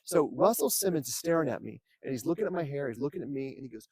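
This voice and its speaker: A man telling long, animated stories in casual chat, swearing freely and acting out what people said. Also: medium pitch, fast talker, slightly rough, no echo. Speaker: podcast guest. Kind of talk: casual storytelling.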